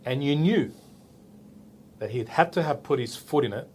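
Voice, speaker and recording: A man's voice: medium pitch, normal speed, a little hiss or hum. Australian man telling a story. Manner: animated, acts out the dialogue, tags with "right?". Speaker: police officer guest. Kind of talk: casual storytelling interview.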